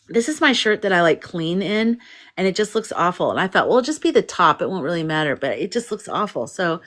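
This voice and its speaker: A woman's voice: on the low side, fairly bright tone. A woman hosting a casual livestream, rambling and restarting, greeting viewers and reading their comments aloud. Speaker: livestream host.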